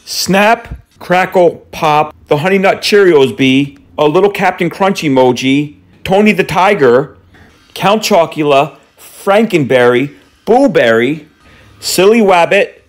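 A man making a prank phone call, rambling on with absurd lists in a deadpan, playful way. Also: on the high side. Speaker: prank caller.

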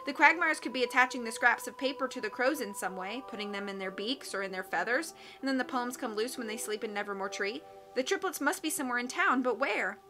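A woman's voice: on the high side, expressive, quick pace, over music, natural voice. A woman reading as a practical older girl. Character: practical inventive girl, eldest sister.

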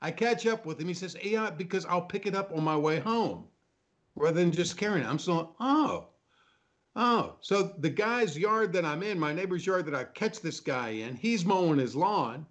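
An older man in relaxed conversation, telling a funny story and acting out voices along the way. His voice sits a little higher than usual for a man. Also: normal speed. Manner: animated anecdote teller, acts out quoted voices. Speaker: panel guest. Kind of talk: casual storytelling chat.

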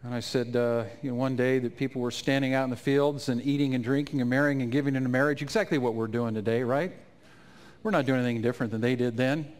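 A man telling an emotional personal testimony in a sermon at a conference, his voice climbing high and loud at the peaks. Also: fairly even intonation, quick pace. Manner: emotional storytelling, rising to near-shouts at climaxes. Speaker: conference speaker. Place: conference stage.

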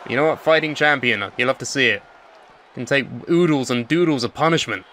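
A man giving excitable, crude play-by-play commentary on a wrestling match. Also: mid-range voice, brisk, a little hiss or hum. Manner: excitable, crude, theatrical calls.

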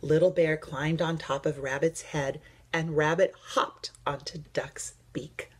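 A woman teacher reads a picture book aloud to children, gentle and expressive, with hushed narration. Her low voice has a breathy edge, and she doesn't hurry.

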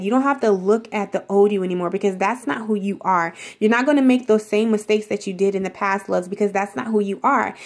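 A woman giving a casual tarot reading, talking straight to the viewer in a rambling, reassuring way full of filler words. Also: medium pitch. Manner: addresses viewer directly and reassuringly. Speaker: tarot reader.

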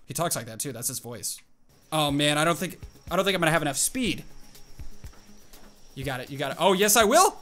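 An excitable man narrating his own gameplay, bursting into exclamations and hyping himself up. His voice sits a little high and has a bright, forceful edge. Faint music plays underneath. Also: fast. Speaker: gaming video host. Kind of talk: live gameplay commentary. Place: at a home computer desk.

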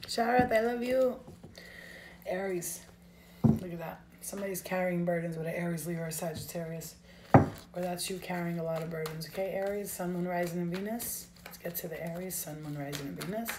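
A woman's voice: fairly low pitch, steady tone, fairly quick, background noise. A woman giving a live tarot reading, emotional and direct, speaking straight to her viewers. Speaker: tarot reader.

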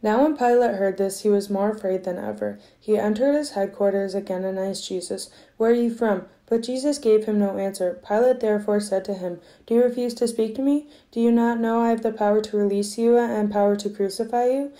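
Soft-spoken woman reading scripture. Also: medium pitch, brisk, few pauses. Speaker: scripture reader. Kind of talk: reading the Passion aloud in church.

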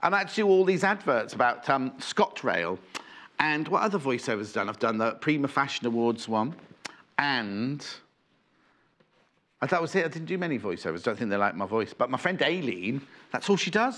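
A man's voice: mid-range voice, very animated, normal speed, fairly bright tone. A man presenting a live TV shopping show, chatting and rambling as he reads out viewer messages. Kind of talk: live TV selling chat. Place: TV studio. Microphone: earpiece and presenter mic.

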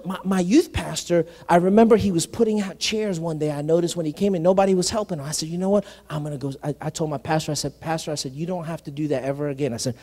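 A male senior pastor telling a personal story in a conversational sermon, animated, often saying "listen" and restarting phrases. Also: fairly high pitch. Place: church sanctuary. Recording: live sermon in a reverberant hall.

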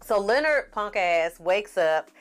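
A woman's voice: medium pitch, lively intonation, slow, soft background music. A woman giving a sassy, chatty recap of a TV series and acting out the characters' lines as she goes. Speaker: TV series reviewer. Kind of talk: casual recap commentary.

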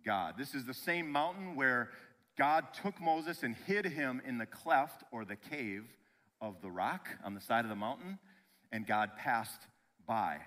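A male pastor preaching a sermon in an animated, conversational way, often checking in with "right?" and restarting his phrases. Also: medium pitch, unhurried.

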